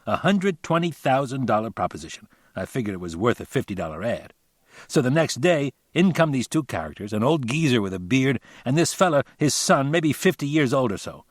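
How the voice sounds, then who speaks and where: A man's voice: medium pitch, sing-song, fairly quick, no echo, clean studio sound, pitched above the performer's own voice. A man voicing a chatty small-town realtor who tells a story in folksy, ungrammatical talk. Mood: gossipy. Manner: folksy rambling storyteller, colloquial grammar. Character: chatty middle-aged male small-town realtor, boastful.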